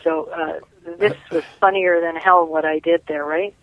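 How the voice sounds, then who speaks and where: A woman's voice: low-pitched, fairly even intonation, normal speed, dry recording. Rambling woman on a tinny phone line. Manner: rambling storyteller, many restarts. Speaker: caller and guest. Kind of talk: casual phone interview.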